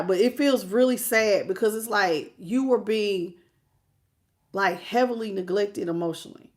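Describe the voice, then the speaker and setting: A woman giving a live tarot reading, animated and chatty, talking straight to her viewers and fighting back tears. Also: mid-range voice, unhurried. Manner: emotional, on the verge of tears. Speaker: tarot reader.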